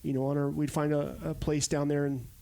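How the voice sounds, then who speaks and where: A man's voice: fairly high pitch, little pitch movement, brisk, vocal fry, dark tone. A man in his forties from Arizona, a podcast guest telling stories casually and animatedly, acting out the quotes. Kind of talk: casual storytelling.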